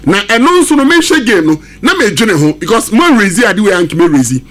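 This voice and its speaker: Animated man, football pundit. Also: sits high, normal speed. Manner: emphatic, animated, mixes English with Twi. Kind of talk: sports radio discussion.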